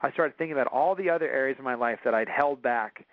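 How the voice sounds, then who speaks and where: A man's voice: mid-range voice, fast talker, no echo. Guy telling his story, keeps restarting, sounds dull and dry like an old radio clip. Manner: earnest, with many restarts. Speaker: guest. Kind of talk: personal storytelling in conversation.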